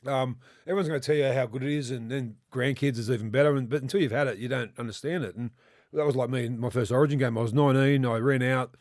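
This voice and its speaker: An Australian man in his fifties, a former rugby league player, telling rambling, animated stories in casual chat and swearing freely. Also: medium pitch, fast, dry recording, studio quality. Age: 50s.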